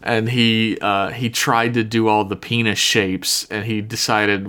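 A man's voice: fairly low pitch, measured pace. A man co-hosting a casual podcast chat, retelling stories animatedly and swearing casually. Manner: animated storyteller who acts out quotes; laughs often, swears casually. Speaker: podcast co-host.

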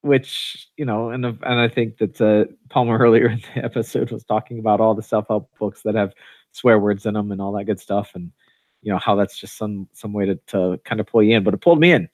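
A man's voice: on the low side, fairly even intonation, fairly quick, a little mellow, no room sound. A man co-hosting a podcast, talking in a casual, rambling way with many fillers and restarts. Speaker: podcast co-host. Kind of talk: casual chat.

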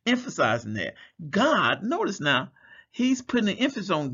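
A man's voice: fairly high pitch, very animated, normal speed, bright, forceful tone, slightly rough, dull audio. A man preaching a Bible study sermon, reading scripture aloud and explaining it, drawing out words for emphasis.

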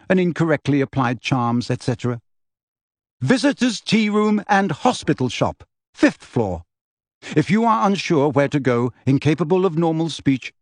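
A man reading a book passage aloud on a podcast in a measured, list-like way. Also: mid-range voice, no room sound. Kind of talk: audiobook-style reading.

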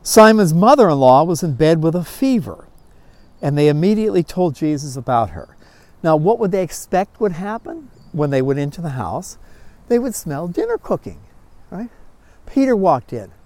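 Animated, folksy man teaching a Bible class. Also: fairly high pitch, moderate pace, dry recording. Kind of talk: storytelling Bible lesson.

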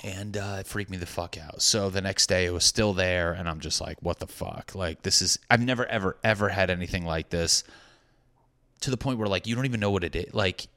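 A man's voice: low voice, brisk, sharp tone. A young man, a stand-up comedian, telling a rambling, profane, self-deprecating story in casual chat.

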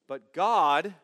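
A man preaching a sermon as pastor, emphatic, asking his congregation questions and swinging from loud stress to quiet asides. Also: on the high side, long reverb tail. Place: church sanctuary.

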